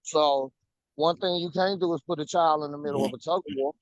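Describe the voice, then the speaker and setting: A man's voice: a little high, steady tone, fairly quick, no room sound, lo-fi sound. A man co-hosting a casual talk show, speaking emphatically and repeating words for stress. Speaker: podcast co-host. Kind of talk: casual conversation.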